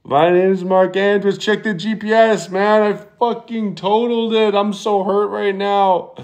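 Frantic, swearing truck driver after a crash, pitched up high, played by a man on a prank call. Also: flat delivery, a little slow. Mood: panicked. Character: panicking male truck driver who crashed.

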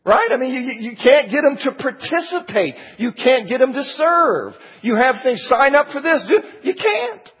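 A man with a husky, fairly high voice teaches a Bible lesson like a sermon. He presses his points with rhetorical questions. The recording is dull and muffled, with a long reverb trailing off the hall walls. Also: big pitch swings, normal speed, hardly any pauses. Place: church auditorium.

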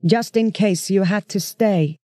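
A reader voicing a soft-voiced ancient rat-like alien ruler who speaks slowly and coldly in a storybook audiobook. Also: mid-range voice, no room sound, studio quality, pitched above the performer's own voice, natural voice. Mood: coldly calm. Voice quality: soft, cottony voice. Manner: slow, measured, menacing.

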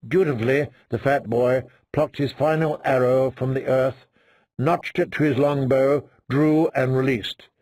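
A man narrating an audiobook in a slow, measured reading. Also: medium pitch, darkish tone, no echo, studio quality. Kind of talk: scripted narration.

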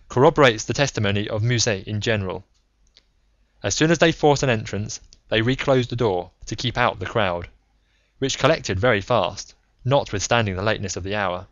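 A man narrating an audiobook in a measured, even reading style. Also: lowish voice, dry recording. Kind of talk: scripted narration. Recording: slightly muffled lo-fi recording.

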